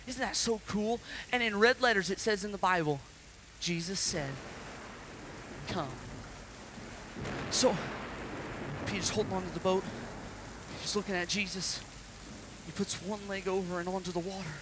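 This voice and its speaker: A man preaching at a children's service, telling the story dramatically and shouting out acted quotes. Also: sits high, moderate pace, background noise. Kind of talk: interactive children's sermon.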